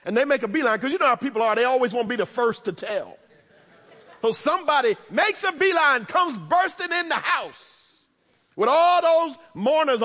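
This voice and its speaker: High bright-voiced preacher in a reverberant hall. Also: male voice. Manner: conversational preaching with humorous asides; dramatic swings between loud emphasis and hushed tones. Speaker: pastor. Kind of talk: sermon. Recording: long reverb of a large hall.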